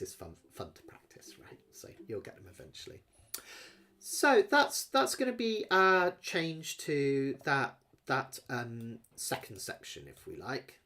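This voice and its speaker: Encouraging male ukulele teacher, lively voice. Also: mid-range voice. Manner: encouraging, chatty, sings along while playing. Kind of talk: live online music lesson. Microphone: webcam with close-up camera angle. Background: ukulele playing.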